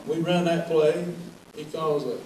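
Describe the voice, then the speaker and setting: A man's voice: a little high, steady tone, a little slow, noisy background. Older man roasting a coach. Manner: folksy, wry, laughs through the punchlines. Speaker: roast speaker, former player. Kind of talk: comedic roast storytelling. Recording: echoey hall, mic at a distance.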